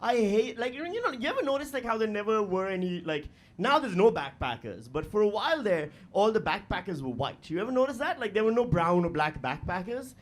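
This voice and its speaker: A man's voice: sits high, big pitch swings, fairly quick, few pauses. A middle-aged man performing a stand-up comedy set on a live stage, profane and rambling, full of fillers and talking straight to the audience.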